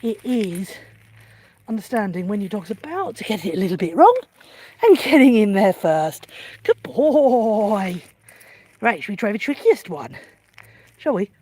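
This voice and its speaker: In a husky voice, a woman demonstrates dog training live, talking through the steps calmly and breaking into high, gushing praise whenever her dog does well.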